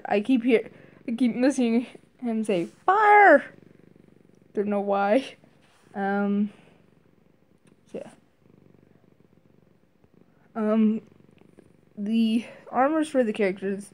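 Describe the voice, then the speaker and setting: A woman casually reviewing a video game, hesitant, with lots of fillers and restarts. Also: mellow. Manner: briefly mimics game character lines in higher voices.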